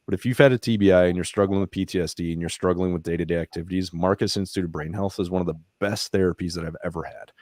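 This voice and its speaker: A man with a low, deep voice talks as a veteran and nonprofit founder on a podcast. He tells his stories casually and candidly, swears freely, and lets his emotion show as he retells events. The sound is dry and close, with little room echo. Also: rapid-fire, hardly any pauses. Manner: profane, emotional, animated retelling. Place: podcast studio.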